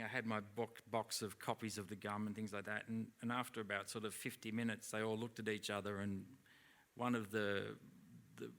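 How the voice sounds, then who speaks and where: A man in middle age speaks on stage at a live interview, in a lowish, gravelly voice with a bright, forward edge. He tells loose, rambling stories and slips into the voices of the people in them. It is casual and conversational, with plenty of false starts. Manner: rambling anecdotes full of acted-out dialogue. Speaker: interview guest. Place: theatre stage at a live event.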